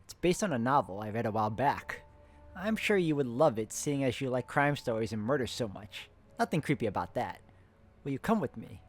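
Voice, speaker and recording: A man's voice: mid-range voice, expressive, brisk. A man hosting a co-op puzzle game playthrough, casually reading in-game letters aloud and chatting with a friend between them. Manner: reads letters plainly, breaks off to chat and laugh. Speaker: host, playing a co-op puzzle game.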